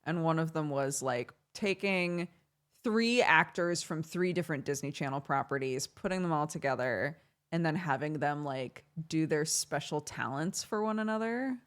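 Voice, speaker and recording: A woman's voice: sits low, normal speed. A young woman streamer chatting casually, telling a story with lots of laughter. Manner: giggly, animated storytelling with frequent laughter. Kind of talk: casual chat on a livestream.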